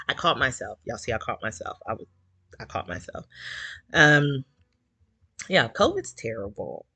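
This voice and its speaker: In a casual listener chat, a community group host talks openly and emotionally, slightly teary and peppering her speech with fillers. She has a fairly low pitch and a sharp tone, with no echo present.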